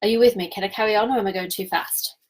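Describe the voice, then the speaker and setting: A woman, giving a live-streamed coaching talk in an energetic, chatty way and laughing often. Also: mid-range voice, racing, rough recording. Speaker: business coach.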